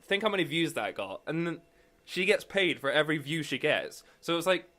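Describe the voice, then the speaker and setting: Wry man, animated pitch. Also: brisk. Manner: wry interjections, rambling restarts. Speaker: podcast co-host. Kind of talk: casual comedic chat.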